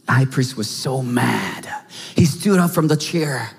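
A man with a Korean accent preaching a dramatic sermon, acting out scenes with shouts and hushed lines. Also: mid-range voice, animated, measured pace, gravelly, slight background noise. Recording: reverberant hall with faint music.

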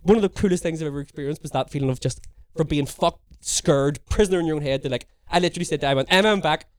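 A young man tells a long, rambling story at a fast clip, swearing freely and slipping into the voices of the people in it. His voice sits a little high for a man. The recording is close and dry, with no room sound around him. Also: darkish tone, dry recording. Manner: rambling, swears a lot, acts out quotes. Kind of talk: casual storytelling chat.

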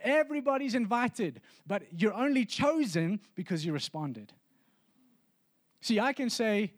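A man's voice: high voice, expressive, measured pace, no room sound. A man preaching a sermon as pastor, earnest and conversational, often restarting his sentences.

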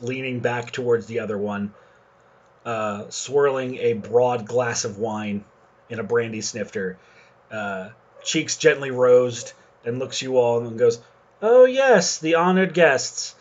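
A man's voice: medium pitch, fairly even intonation, slow pace, dull audio. Man narrating a tabletop game. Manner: loose and hesitant, with fillers. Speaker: game master.

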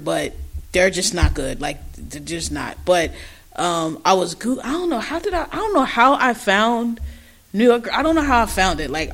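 Animated, laughing podcast woman. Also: medium pitch. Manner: loud, laughing, profane gossip. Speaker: podcast co-host. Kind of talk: casual recap chat.

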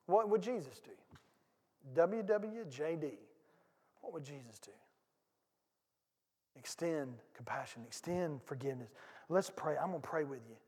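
A man preaching a sermon as pastor, talking conversationally, swinging from loud bursts to hushed asides and repeating phrases for emphasis. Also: a little high, lively intonation, unhurried, pauses often, husky, long reverb tail. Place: church sanctuary.

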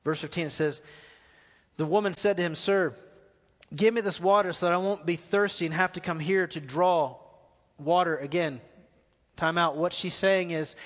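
A man's voice: a little high, steady tone, normal speed, long pauses, fairly bright tone, long reverb tail. A man preaching a live sermon as pastor, asking the congregation questions as he goes. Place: church hall.

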